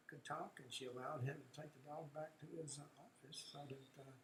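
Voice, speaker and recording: A man hosting a radio show, reading strange animal stories aloud, often halting with uh's and restarts. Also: on the high side, vocal fry, fairly bright tone, roomy sound, slight background noise, rough recording.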